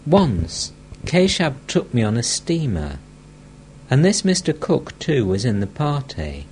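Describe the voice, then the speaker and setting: A man's voice: medium pitch, wildly swooping pitch, slow, darkish tone, slight background noise, pitched above the performer's own voice. A man reading the part of an elderly mystic teacher who scolds bluntly and speaks with affection.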